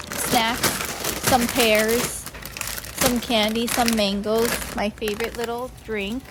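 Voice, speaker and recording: A woman's voice: on the high side, noisy background. A woman in her thirties chatting casually and gushing through a lifestyle vlog. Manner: bubbly and chatty, gushing exclamations. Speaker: lifestyle vlogger.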